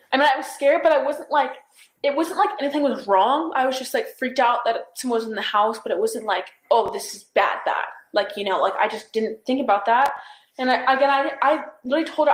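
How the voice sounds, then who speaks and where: A young woman speaks in a slightly high voice, hesitating and circling back with "like" and "I don't know". She is recounting events in a police interview. The recording sounds roomy, as if taken in a bare interview room. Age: young adult.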